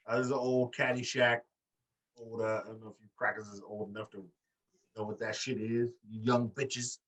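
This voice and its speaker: A man co-hosting a wrestling podcast in casual chat, profane and animated, acting out quotes in high voices. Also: moderate pace, far from the mic. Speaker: podcast co-host.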